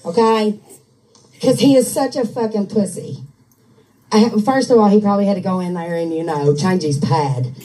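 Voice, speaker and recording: A woman's voice: mid-range voice, normal speed, mellow, distant mic, poor audio. A woman on her couch reading out a troll's texts and mocking him in a crude, profane rant, laughing often. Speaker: streamer ranting at an online troll. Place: on a couch at home. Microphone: handheld microphone.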